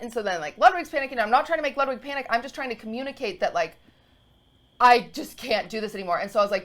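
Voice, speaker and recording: In a casual storytelling chat, a podcast co-host in her twenties spins out a long story that's emotional and rambling, riddled with fillers and restarts. She talks fast, with an animated voice on the high side.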